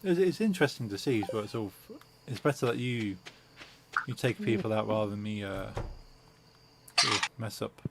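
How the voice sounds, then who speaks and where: A man's voice: on the low side, moderate pace, gravelly, noisy background. A man streaming a game, chatting casually and hesitantly with lots of fillers and restarts. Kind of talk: casual gaming chat.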